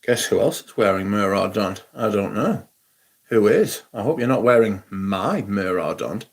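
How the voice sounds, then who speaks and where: A man's voice: lowish voice, expressive, measured pace, slightly rough. A man hosting a casual live stream, chatting wryly and greeting viewers by name. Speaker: livestream host.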